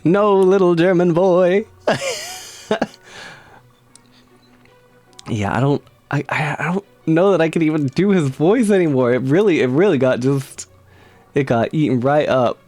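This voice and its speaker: A man's voice: fairly high pitch, expressive, unhurried, pauses often, darkish tone, faint music behind. A man streaming live, chatting casually and reading tarot cards, giggly and rambling with frequent laughs.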